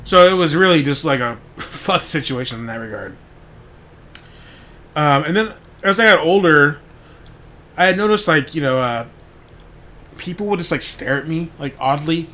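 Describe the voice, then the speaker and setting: Bright-voiced man telling rambling stories. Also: fairly high pitch, expressive, normal speed, pauses often. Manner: rambling, heavy on "like", swears freely. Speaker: podcast host. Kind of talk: casual storytelling monologue.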